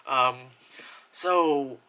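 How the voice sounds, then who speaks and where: A man's voice: medium pitch, extremely slow, bright, forceful tone. A man giving a casual, rambling movie review, full of fillers and swearing.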